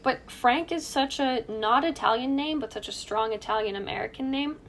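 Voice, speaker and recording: A woman's voice: high-pitched, normal speed, a bit bright, slight background noise. A woman co-hosting a true crime podcast, chatting casually, joking and laughing at her own asides. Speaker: podcast co-host.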